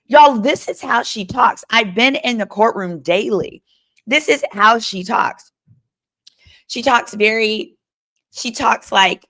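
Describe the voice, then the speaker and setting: A woman's voice: a little high, slow pace, fairly bright tone. A woman lawyer hosting a live stream, reading chat comments and giving sassy, chatty legal commentary.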